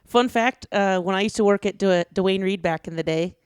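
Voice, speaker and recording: A man from Ohio with a high voice, co-hosting a podcast and telling casual stories with a gossipy, laughing, self-described petty manner. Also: moderate pace, smooth, dry recording, studio quality. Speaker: podcast co-host, food blogger. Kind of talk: casual chat, storytelling.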